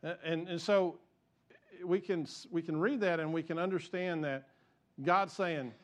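Preacher guy, high voice, earnest and chatty, keeps restarting sentences. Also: a little slow. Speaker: pastor. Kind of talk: sermon.

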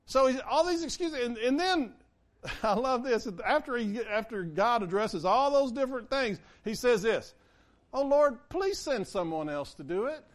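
A man's voice: very high voice, normal speed. A man preaching a conversational sermon, acting out the quotes he reads. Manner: conversational, animated, acts out quotes. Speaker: pastor.

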